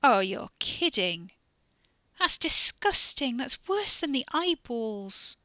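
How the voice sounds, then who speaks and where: Woman doing a snappy high girl. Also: big pitch swings, moderate pace, pushed and bright, no room sound, studio quality. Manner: snappy, exasperated. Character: sharp-tongued energetic young woman.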